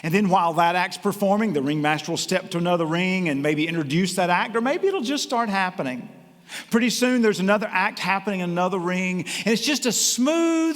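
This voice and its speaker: A man with a North Carolina accent giving a motivational keynote talk, animated and acting out the voices of his audience. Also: high voice, normal speed. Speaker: keynote speaker. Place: conference hall before a live audience. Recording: reverberant hall.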